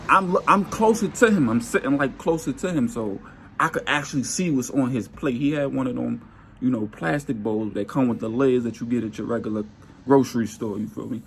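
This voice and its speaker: A man telling a workplace story in a casual monologue, animated, acting out his coworkers' lines. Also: a little fast, vocal fry, slight background noise. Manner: animated, acts out coworkers' lines with jumps in pitch.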